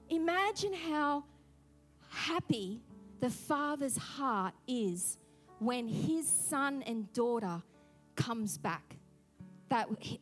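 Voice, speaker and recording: A woman pastor preaching a sermon, telling a personal story in an animated way and acting out her own thoughts. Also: sits high.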